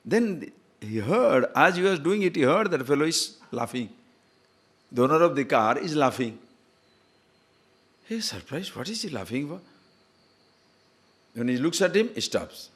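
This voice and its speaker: A man's voice: fairly high pitch, sing-song, normal speed, pauses often, a bit bright, slightly rough. A man, a spiritual teacher, giving a discourse. He tells stories with chuckles and asks his listeners questions. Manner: storytelling, chuckling, rhetorical questions.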